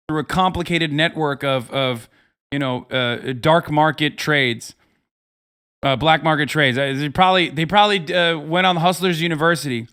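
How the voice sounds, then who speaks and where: A man's voice: on the high side, fairly bright tone, clean tone. A man streaming, ranting in a sarcastic, profane, casual way. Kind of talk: casual live-stream commentary.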